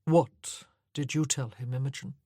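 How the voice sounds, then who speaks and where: A woman voicing a calm, gentle gentleman who speaks softly. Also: very deep voice, unhurried, breathy edge, no room sound, studio quality, full character voice. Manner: calm and soft-spoken.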